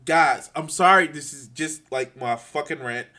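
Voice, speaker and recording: A man ranting angrily to his viewers, swearing a lot, stumbling over restarts and swinging between quiet and loud. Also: a little high. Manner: profane, halting, many restarts. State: angry and frustrated. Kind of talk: angry unscripted rant.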